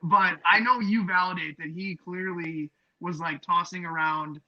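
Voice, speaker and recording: A man's voice: high voice, steady tone, unhurried, dull audio. A man co-hosting a podcast, telling a story in casual chat with lots of fillers and restarts. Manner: rambling storyteller, many fillers. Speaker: podcast co-host.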